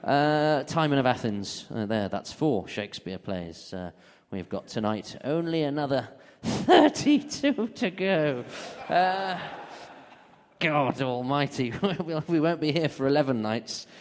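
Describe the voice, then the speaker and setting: A man's voice: medium pitch, animated, measured pace. A man doing stand-up banter on stage, rambling, self-mocking and sweary. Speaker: comedian hosting a gig. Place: comedy club stage. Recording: live room with long reverb.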